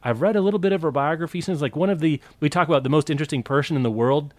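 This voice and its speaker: A man's voice: on the high side, rapid-fire, darkish tone, dry recording. A man co-hosting a podcast, enthusiastic and rambling as he recommends books with many restarts. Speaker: podcast co-host. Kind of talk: casual book chat.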